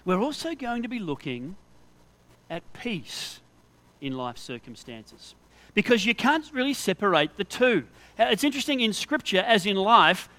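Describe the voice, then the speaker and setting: A man's voice: sits high, a bit bright. A man preaching a Sunday sermon as pastor, in an earnest, conversational way, building up lists of everyday scenarios.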